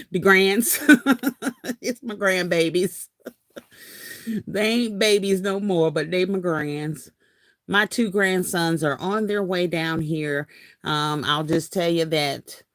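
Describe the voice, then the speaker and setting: With a low-pitched voice and no room sound at all, a craft host in her fifties chats through a live stream, reading out comments. She's talkative, laughs a lot, and keeps saying "y'all," all recorded dry and close to the mic.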